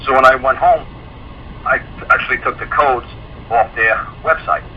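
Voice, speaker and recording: A man's voice: mid-range voice, normal speed. A man casually telling a long personal story in a folksy way, laughing now and then and acting out both sides of conversations. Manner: folksy, laughing, quotes people in dialogue. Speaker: guest speaker telling a story. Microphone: phone or internet call. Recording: muffled call-in audio with faint hiss.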